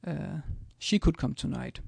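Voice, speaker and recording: A man's voice: fairly high pitch, measured pace, creaky, a little mellow, husky, dry recording. A man teaching a language in a casual screencast, hesitant, with many ums and restarts as he types examples. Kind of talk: screencast lesson, typing examples.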